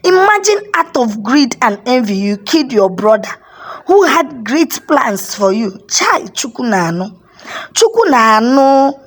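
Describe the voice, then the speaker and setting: A woman voicing an older village chief and father who shouts in anger and laments. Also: a little high, animated, a little slow. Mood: grieving.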